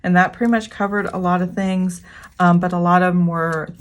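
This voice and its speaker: A woman's voice: on the low side, steady tone, fairly quick. A woman hosting her own budget planning channel, talking casually and rambling with frequent fillers. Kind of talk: casual chatty vlog walkthrough.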